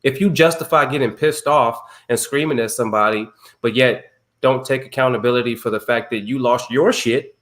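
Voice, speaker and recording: A man's voice: medium pitch, a little fast, a bit bright. A man hosting an online men's circle on a video call, talking casually and emphatically with slang, telling personal stories. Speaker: circle host. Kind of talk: casual group talk.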